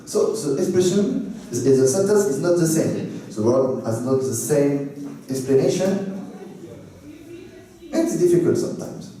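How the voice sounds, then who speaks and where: A man with a French accent gives a convention talk in halting English, playful and often laughing. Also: medium pitch, dark tone. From France. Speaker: workshop presenter. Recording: echoey hall, distant mic.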